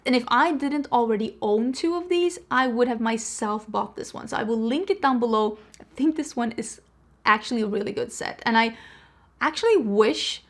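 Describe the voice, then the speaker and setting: Female beauty vlogger, somewhat high voice, chatty and animated to camera. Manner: chatty, animated, jokey rants. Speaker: beauty channel host. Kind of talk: casual talk to camera.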